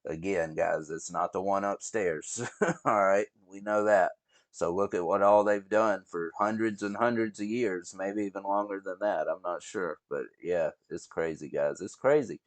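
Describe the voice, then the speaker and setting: Guy rambling thru a reaction vid, kinda low voice, swears a lot, dead dry sound. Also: normal speed, dry recording. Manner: rambling, swears, talks to viewers as guys. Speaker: reaction video host. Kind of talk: casual reaction commentary.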